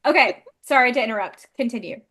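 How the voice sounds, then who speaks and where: High-voiced woman podcast co-host, casual. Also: animated, fast talker, sharp tone. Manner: swears freely and laughs often. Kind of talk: casual chat.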